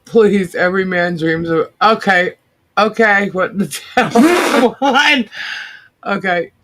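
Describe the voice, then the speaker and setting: A woman's voice: mid-range voice, takes it slowly, a bit bright. A woman hosting a live online show, laughing constantly as she reads out viewer comments. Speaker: livestream host.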